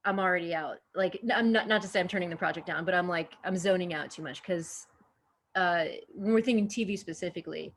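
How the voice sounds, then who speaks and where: Relaxed low-voiced actress rambling. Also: female voice, fast, slight background noise. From Indiana. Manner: relaxed, rambling, many fillers. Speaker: actor, podcast guest. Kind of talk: casual interview answer.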